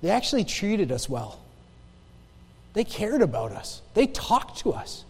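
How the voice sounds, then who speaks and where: A high-pitched male preacher delivers a sermon, telling a story from his own life. He drives home his points by repeating lines and calling out to the congregation. His voice rings with the long reverb of a church hall. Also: big pitch swings, unhurried, a little mellow, husky. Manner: emphatic, repeats key phrases, asks the congregation "Amen?". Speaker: pastor. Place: church sanctuary.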